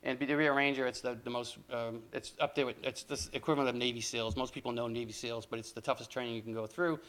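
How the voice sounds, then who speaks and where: An older man speaks to a room of students at a moderate pitch. His stories are conversational and wander, broken up with restarts and side remarks. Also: fairly even intonation, quick pace, fairly bright tone. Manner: conversational storytelling, with restarts and asides. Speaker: guest speaker. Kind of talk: talk to students.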